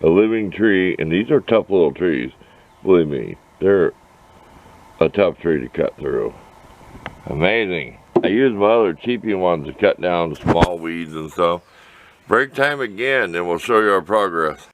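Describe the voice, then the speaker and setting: A folksy older man with a low, lively voice, chatting to the camera while he works outside. He rambles, talks to himself and answers his own questions. Faint outdoor noise sits behind him. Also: unhurried. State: out of breath. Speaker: vlogger. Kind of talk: casual outdoor chat to camera.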